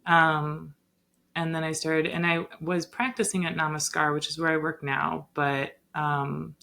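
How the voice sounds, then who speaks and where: A young woman, a yoga teacher, telling a personal story in a casual podcast chat, animated and full of "like" and "um". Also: sits low, measured pace, gravelly. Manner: animated, lots of "like" and "um".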